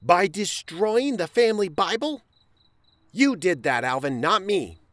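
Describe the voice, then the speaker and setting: A man's voice: high voice, sing-song, measured pace, fairly bright tone, no echo, voice pushed up, exaggerated voice. A man voicing an angry, scornful young farm brother in a storybook reading. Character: furious hot-headed young farm brother.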